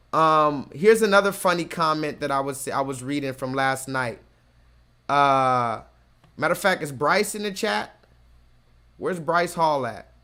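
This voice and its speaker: A man's voice: on the high side, bright, forceful tone. Profane, emphatic male livestream host. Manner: profane, emphatic, slows down to stress points. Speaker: streamer host reading chat comments. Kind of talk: casual livestream rant.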